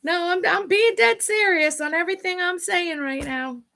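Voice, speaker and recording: A woman's voice: extremely high pitch, normal speed, vocal fry, bright, forceful tone. A middle-aged woman hosting her own video, talking candidly and bluntly, with swearing as she vents about home life. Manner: blunt, profane, venting. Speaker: vlog host. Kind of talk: candid personal chat.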